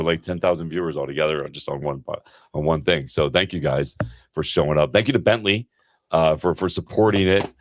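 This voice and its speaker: A man's voice: extremely low pitch, no room sound. A middle-aged man hosting a podcast in casual chat, laid-back and calling people "bro" and "man". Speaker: podcast host.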